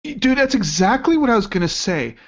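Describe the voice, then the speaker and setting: A man's voice: high-pitched, very animated, brisk, dull audio. A man co-hosting a podcast, casually chatting about a movie and agreeing along. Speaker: podcast co-host. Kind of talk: casual film discussion.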